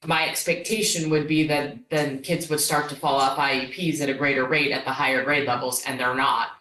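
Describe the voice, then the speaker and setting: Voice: mid-range voice, level tone, a little fast, sharp tone. A board member asks follow-up questions, hesitating and restarting as they go. The voice is distant and echoey, with faint background noise. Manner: questioning, hesitant, repeating words. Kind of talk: board meeting discussion.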